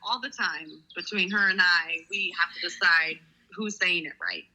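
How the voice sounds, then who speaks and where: A woman's voice: on the low side, normal speed, pushed and bright, highs cut off. A woman from Florida co-hosting a podcast, playfully teasing and laughing often in casual chat. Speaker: podcast co-host.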